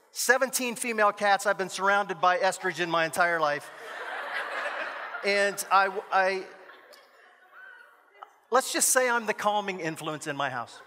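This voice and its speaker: A man telling a story in a chapel sermon, animated, with joking asides and dramatic quoted voices. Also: high-pitched. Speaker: guest chapel speaker, former youth pastor. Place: university chapel. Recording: echoey hall.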